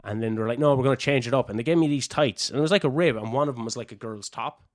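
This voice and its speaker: Young Irish wrestler, podcast guest, loose and profane anecdotes, dry close mic. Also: male voice, medium pitch, racing, no room sound. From Ireland. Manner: swears freely, animated anecdotes. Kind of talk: casual storytelling.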